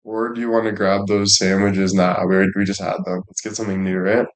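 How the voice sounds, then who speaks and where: A young man in loose, crude conversation, talking in circles and breaking into laughter. His voice sits a bit on the low side. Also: little pitch movement, a little fast. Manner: crude, rambling, laughs often. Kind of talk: casual chat.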